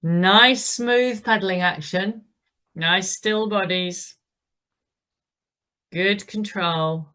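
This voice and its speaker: A woman's voice: mid-range voice, very slow, long pauses, pushed and bright. A woman leading an indoor cycling class, giving encouraging instructions and calling out the pedaling rhythm.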